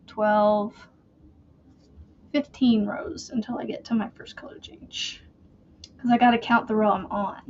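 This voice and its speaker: A woman's voice: a little high, dull audio. A woman hosting a crochet channel, chatting casually and rambling while she works. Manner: slow, rambling, chatty with fillers.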